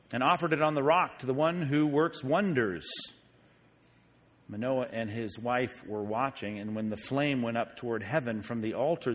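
A man, a pastor, teaching a sermon on Bible passages in a conversational way, often asking his listeners questions. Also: medium pitch. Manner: conversational, animated, asks the audience questions.

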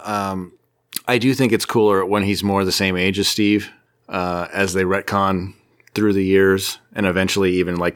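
Low-voiced man rambling about comics. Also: a bit bright. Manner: chatty and rambling, with frequent fillers. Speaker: podcast co-host. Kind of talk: casual chat about comics.

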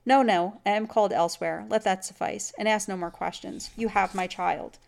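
A woman plays a stern, secretive middle-aged huntsman in a read-aloud story. He speaks in a solemn, commanding way. The voice carries a gravelly rasp. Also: medium pitch, fairly even intonation, moderate pace, darkish tone, close to an everyday voice. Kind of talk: audiobook story reading.

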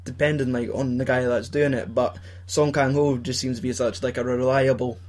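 A man's voice: mid-range voice, fairly even intonation, moderate pace, darkish tone. A young Scottish man chatting casually about films, swearing and laughing often as he acts out scenes. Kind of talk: casual film chat.

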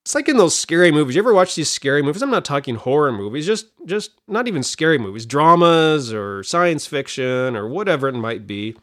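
A middle-aged man hosting a Bible study podcast, talking in an animated, chatty way that wanders off on side points. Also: fairly high pitch, brisk, hardly any pauses. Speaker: podcast host and Bible teacher.

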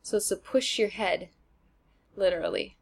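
A woman's voice: mid-range voice, very animated, normal speed, gravelly. Chatty young woman co-hosting a podcast. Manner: chatty, laughs often, trails off. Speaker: podcast co-host. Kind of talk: casual chat.

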